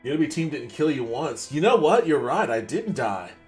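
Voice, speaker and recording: A man's voice: a little high, very animated, fairly quick, a little mellow. A man commenting casually while playing a video game, chatty and self-mocking, swearing and laughing often. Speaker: podcast host. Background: game music.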